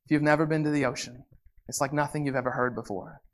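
A preacher in full sermon mode, reading scripture in a slow, deliberate cadence. The delivery is expressive, dropping to quiet reflection and then rising to loud, excited calls. The voice sits in a middle pitch. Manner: expressive, swings from soft reflection to loud exclamations; reads scripture slowly and deliberately.

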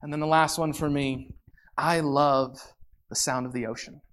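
A preacher giving a sermon, reading scripture slowly and deliberately, then swinging from soft reflection to loud, excited exclamations. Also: medium pitch.

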